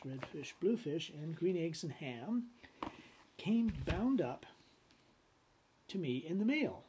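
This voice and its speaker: A man's voice: on the high side, darkish tone, slight background noise. Anecdotal male law lecturer. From Canada. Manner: anecdotal, conversational, acts out quoted voices, frequent throat clearing. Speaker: business law instructor.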